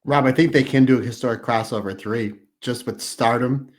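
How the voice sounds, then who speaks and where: A man co-hosting a podcast in a friendly, easygoing chat, leaning on "you know" as he talks things through. His voice sits at a middling pitch. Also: steady tone, a little fast. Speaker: podcast co-host.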